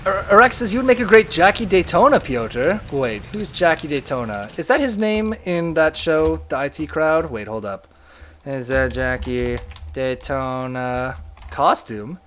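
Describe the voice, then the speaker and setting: A young man streaming a video game, chatting casually and reading viewer messages aloud in an animated way. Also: a little high, a little hiss or hum. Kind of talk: casual live-stream chat.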